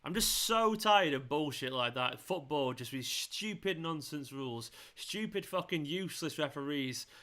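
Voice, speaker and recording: A man's voice: fairly high pitch, lively intonation, normal speed, hardly any pauses. A man hosting a live football watchalong stream, ranting and swearing at the referees. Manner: ranting, swearing, shouting in celebration. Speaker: football fan channel host. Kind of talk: live match watchalong commentary.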